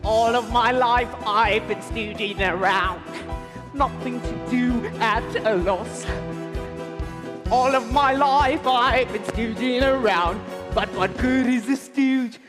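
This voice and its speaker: A woman's voice: fairly high pitch, takes it slowly, music in the background. A woman playing Igor, a sly, chummy male servant, in a live stage musical with a band playing. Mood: sung. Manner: sly, chummy, sing-song. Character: eager bug-eyed male servant Igor. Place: theatre stage.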